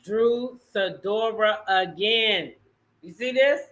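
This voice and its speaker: A woman hosting a gossip commentary channel, reacting to a clip in a loud, exclaiming, slangy way. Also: mid-range voice, takes it slowly. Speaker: host.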